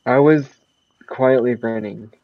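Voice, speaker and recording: A man's voice: medium pitch, takes it slowly. A man on voice chat in a zombie game, goofy and easygoing, narrating what his character does. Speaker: gamer. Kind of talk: casual gaming chat. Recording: dull lo-fi mic.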